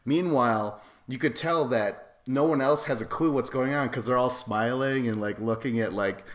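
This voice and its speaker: A man's voice: mid-range voice, moderate pace. A man co-hosting a podcast, chatting casually about a reality show with crude, profane jokes. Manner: crude, joking, profane banter. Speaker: podcast co-host.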